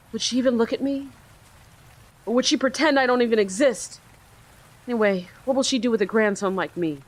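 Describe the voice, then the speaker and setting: A woman's voice: a little high, voice pushed up. A woman voicing a distraught sixteen-year-old boy from a video game, pleading and broken-up as she reads his lines. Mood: bitter. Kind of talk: reading game dialogue aloud.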